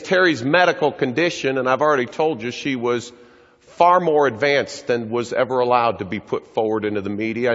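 Middle-aged male speaker, husky and earnest, live talk in a reverberant hall, lo-fi. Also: medium pitch, fairly bright tone. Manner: earnest, acts out quoted voices. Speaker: speaker addressing an audience. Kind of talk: public talk, storytelling. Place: large hall before an audience. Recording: echoey hall, dull lo-fi sound.

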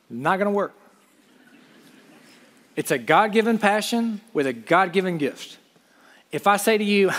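Male preacher, high voice, impassioned and pleading; reverberant hall sound. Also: lively intonation, brisk. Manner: impassioned, pleading, conversational asides. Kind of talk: sermon.

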